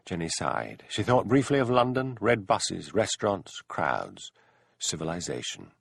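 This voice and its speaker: Male narrator, gravelly, husky, low voice, dry close sound. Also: sing-song, unhurried, no room sound. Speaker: audiobook narrator. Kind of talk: scripted narration.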